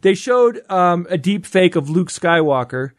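A man's voice: high voice, lively intonation, measured pace, no room sound, studio quality. A man co-hosting a casual panel chat, explaining things with enthusiasm and frequent restarts. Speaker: podcast co-host.

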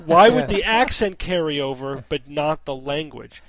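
Gravelly skeptical man hosting a chat. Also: fairly high pitch, expressive, measured pace, fairly bright tone. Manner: skeptical, wry, laughs often. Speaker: podcast host. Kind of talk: casual panel chat.

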